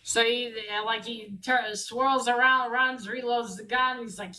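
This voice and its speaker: A woman casually recapping a story aloud, halting with many fillers and restarts. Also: on the high side, steady tone, bright, forceful tone, rough recording.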